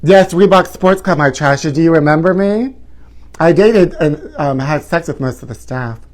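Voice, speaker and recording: A man's voice: on the high side, moderate pace. A man in his forties hosting a live gossip talk show, flamboyant and sassy, calling his viewers honey. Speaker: host.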